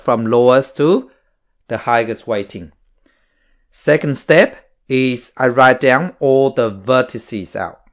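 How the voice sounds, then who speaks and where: A man teaching a maths lesson, explaining each step slowly and plainly. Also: medium pitch. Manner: slow, plain stepwise explaining.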